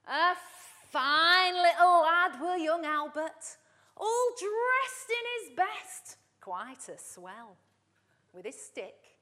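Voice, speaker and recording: A woman voicing an old northern nana, reciting a comic poem slowly and dramatically in a put-on Wigan accent. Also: high-pitched, sharp tone, in a large hall, voice pushed up, exaggerated voice. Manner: slow, sing-song dramatic recitation.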